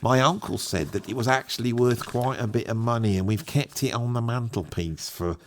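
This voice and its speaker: A man voicing a humble lower-middle-class man who rambles hopefully about a family heirloom. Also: normal speed, slight background noise, close to an everyday voice.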